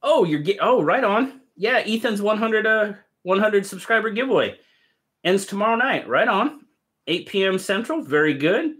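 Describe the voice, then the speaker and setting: A man's voice: sits high, expressive, moderate pace, fairly bright tone. A man hosting a casual live stream, cheerfully greeting viewers by name and chatting about their gear.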